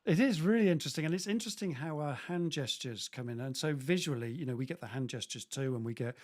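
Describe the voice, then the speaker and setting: A man's voice: a little high, expressive, fast, no echo. A male host speaks in a mid-range voice over a video call with a dry, close sound. He is agreeable, backing up his guest with frequent yeahs and affirmations. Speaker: podcast host. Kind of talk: conversational video call interview.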